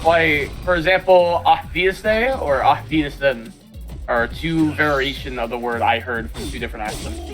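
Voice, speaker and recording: A man chatting on a live stream, explaining things at length in quick bursts. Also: fairly high pitch, fairly bright tone, soft background music. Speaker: guest streamer. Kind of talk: casual live-stream chat.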